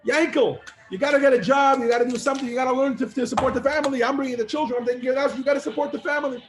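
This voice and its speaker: Guy doing a shrill nagging wife, high and pushy. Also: fairly even intonation, very fast, roomy sound, background noise.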